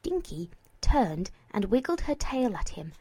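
A woman reading a story aloud as narrator, slow and expressive, at times dropping to a whisper. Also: a little high, slightly rough, dry recording.

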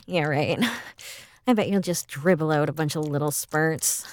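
Woman doing a teasing bossy roommate, hushed and playful, takes her time, dry close sound. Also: sits low, a little slow, no room sound. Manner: teasing, hushed and playful, frequent soft laughs. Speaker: audio role-play performer. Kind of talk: intimate audio role-play.

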